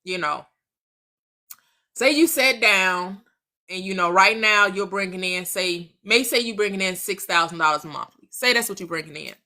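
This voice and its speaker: A woman's voice: mid-range voice, moderate pace, bright, forceful tone. A woman hosting a casual motivational talk, chatting and acting out imagined conversations. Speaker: manifestation channel host.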